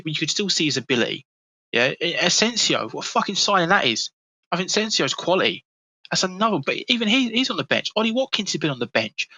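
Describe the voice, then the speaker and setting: A man with a London accent, co-hosting a football podcast, animated and rambling, swearing freely. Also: a little high, no echo, poor audio. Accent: London English. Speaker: podcast co-host. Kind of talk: casual football chat.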